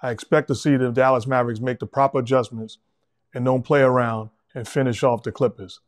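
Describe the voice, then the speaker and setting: A middle-aged man hosting a sports talk show, giving measured, emphatic basketball analysis. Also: medium pitch, fairly even intonation. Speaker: host.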